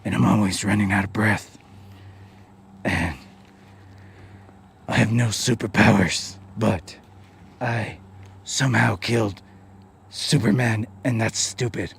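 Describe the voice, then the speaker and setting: A man voicing a breathless, brooding male superhero with a breathy, low, mumbling voice. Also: fairly even intonation, slow, pauses often, a little hiss or hum. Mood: mock-brooding. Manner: low and mumbling, gasping for air.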